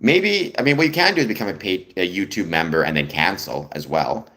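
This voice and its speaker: A man's voice: low voice, animated, fairly quick, pushed and bright. A man from Canada, hosting a casual livestream, musing aloud and greeting viewers in chat with frequent ums. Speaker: livestream host.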